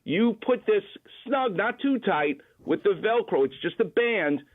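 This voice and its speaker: A man's voice: sits high, animated, unhurried. Confident doctor man on a tinny phone line. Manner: confident, precise, instructive. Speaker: doctor guest on call-in. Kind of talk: explaining medical advice.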